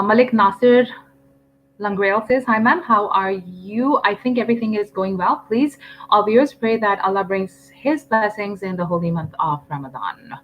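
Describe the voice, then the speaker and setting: A woman's voice: medium pitch, lo-fi sound, a little hiss or hum. Chatty woman teaching English live. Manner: chatty, firm, with frequent ums. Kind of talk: live-stream lesson reading out viewer comments.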